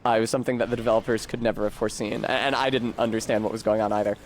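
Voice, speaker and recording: A man's voice: lowish voice, level tone, rapid-fire, a little hiss or hum. A man streaming a video game, chatting casually in a rambling, profane, self-deprecating way. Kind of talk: casual gameplay commentary.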